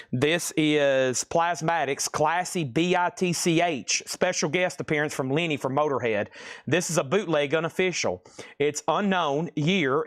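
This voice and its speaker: The recording is studio quality with no room sound, and the man's voice sits on the high side. Running a livestream sale, he rambles chattily, slightly out of breath, thinking aloud as he announces items and bids.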